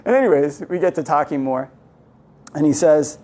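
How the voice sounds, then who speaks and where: Man, Buddhist monk, from Canada, somewhat high voice, relaxed anecdotal talk, lots of fillers. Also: moderate pace. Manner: chatty storytelling, many "you know" fillers, acts out dialogue. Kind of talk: casual anecdotal Dhamma talk.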